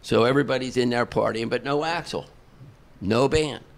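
A man's voice: mid-range voice, moderate pace, creaky. An older man, a concert promoter telling a long rambling backstage story full of fillers and restarts. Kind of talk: casual storytelling.

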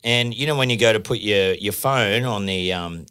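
A man's voice: on the low side, moderate pace, smooth. A man, a podcast co-host, telling a sweary story in casual chat and acting out the voices. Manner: animated storyteller, swears, acts out voices in anecdotes.

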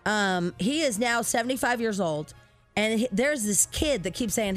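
A woman co-hosting a talk show, chatting casually and telling celebrity gossip in an animated storytelling way. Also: mid-range voice, normal speed, faint music behind.

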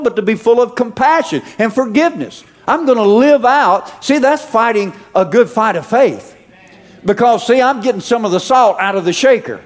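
A man preaching a sermon to a congregation, asking them questions and calling out louder as he builds. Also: extremely high pitch. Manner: preachy, calls out to the congregation with rising shouts. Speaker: pastor.

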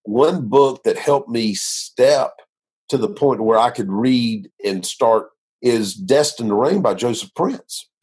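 Husky male minister, earnest rambling storyteller, conversational interview. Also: mid-range voice, expressive, slow, a little mellow. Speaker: minister sharing his testimony.

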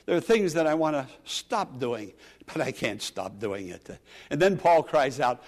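A male pastor preaching earnestly to a congregation. He repeats his phrases and moves between loud emphasis and soft asides. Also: mid-range voice, animated, unhurried. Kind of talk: sermon. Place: church sanctuary. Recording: long church reverb.

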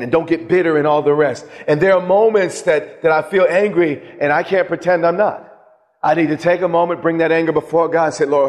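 Brief: male pastor, slightly high voice, fiery sermon delivery, long church reverb. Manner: impassioned, swings from hushed to loud.

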